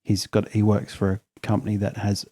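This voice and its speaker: Low-voiced man, wry podcast banter. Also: monotone, a little fast, warm tone. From Australia. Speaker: podcast co-host. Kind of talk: casual comedic chat.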